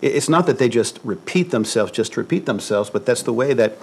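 A man's voice: mid-range voice, animated, fairly quick, darkish tone, breathy edge, rough recording. A man, a pastor, giving a conversational sermon in an earnest way, repeating words for emphasis.

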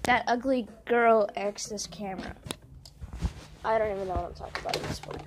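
Wearing headphones and sometimes yelling, a video maker with a medium-pitched voice speaks briskly, rambling through silly, scattered jokes in a casual video. Her voice comes with a noisy hiss in the background.

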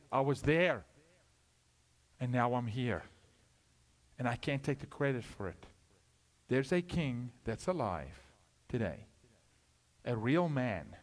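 A male guest preacher, giving a sermon that swings from loud, high peaks to hushed, low asides.

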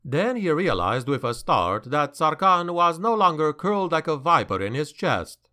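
A man narrating a dark fantasy audiobook in a measured, dramatic way. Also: on the high side, very animated.

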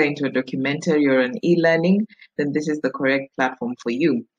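Husky Kenyan woman presenting a webinar. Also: sits low, dull audio. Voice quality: warm, authoritative, confident. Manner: friendly, explanatory, addresses the audience directly. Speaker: voice-over coach presenting a webinar.

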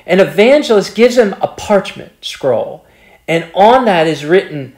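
A man leading a Bible study and retelling a story in an earnest, halting way, often repeating words as he restarts his sentences. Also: high-pitched, expressive, a little mellow, reverberant. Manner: earnest, slows down for emphasis.

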